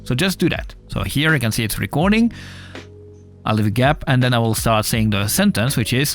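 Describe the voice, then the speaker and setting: A man's voice: mid-range voice, animated, a little fast. A man with a non-native English accent, casually explaining a music production tutorial over a desktop mic, with filler uhs. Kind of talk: screen-recorded software tutorial. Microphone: desktop USB mic.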